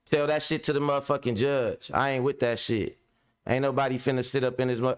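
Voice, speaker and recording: A man's voice: medium pitch, fast, clean tone. A young adult man hosting a podcast, venting angrily about a tenant, swearing heavily and talking in slang. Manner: heavy profanity, slangy, ranting. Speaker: podcast host and landlord. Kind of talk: angry venting monologue.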